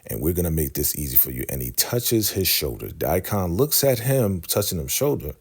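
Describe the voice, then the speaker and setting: Deep, husky man recapping casually. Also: moderate pace. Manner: animated, acts out quoted lines in character. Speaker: recap channel host.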